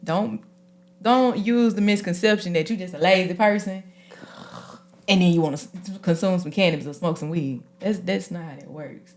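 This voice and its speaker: Expressive woman host, AAVE speech. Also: on the low side, moderate pace. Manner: expressive, animated, swings from soft to loud. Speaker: podcast host. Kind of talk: casual, emotional conversation.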